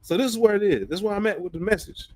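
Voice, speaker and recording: A man's voice: high-pitched, animated, very fast. Blunt, profane man ranting on stream. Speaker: livestreamer. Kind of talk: ranting livestream commentary.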